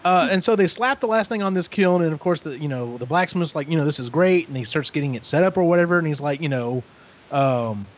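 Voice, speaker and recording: A man co-hosting a casual podcast, retelling a story with lively acted-out voices and frequent swearing. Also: fairly high pitch, quick pace. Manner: animated retelling, acts out characters, swears freely. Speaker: podcast co-host. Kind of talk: casual book recap chat. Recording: dull lo-fi audio.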